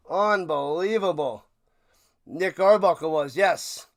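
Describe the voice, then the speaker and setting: A man hosting a live football watch party, calling plays and ranting, swinging between shouts and low mutters and repeating himself. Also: measured pace. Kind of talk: live play-by-play and reaction commentary.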